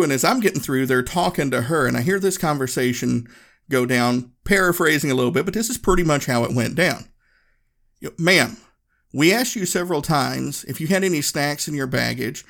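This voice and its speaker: Podcast host, male, gravelly, laid-back storyteller with a reflective delivery. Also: mid-range voice. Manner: relaxed, conversational, reflective.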